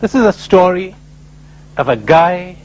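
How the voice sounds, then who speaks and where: Telling stories during a spiritual lecture, an Indian man jumps into characters' voices with abrupt leaps to a high pitch, an animated storyteller. His pace is measured, and the audio is poor.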